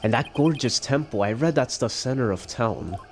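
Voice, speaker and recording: A man voicing a calm adult male lawyer on a trip abroad, reading his lines in a dry, measured way. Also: mid-range voice, slight background noise, natural voice. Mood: wondering.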